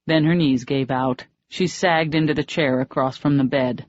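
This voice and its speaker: A narrator reads a romance novel aloud in steady, measured scripted narration, with a mid pitch. The sound is dry and close, slightly dull in the highs. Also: no echo. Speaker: audiobook narrator.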